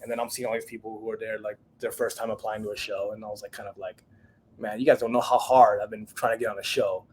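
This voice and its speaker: Animated man telling a story. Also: lowish voice, quick pace, a little hiss or hum. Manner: animated storyteller, acts out quoted voices. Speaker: chef guest. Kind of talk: casual storytelling interview.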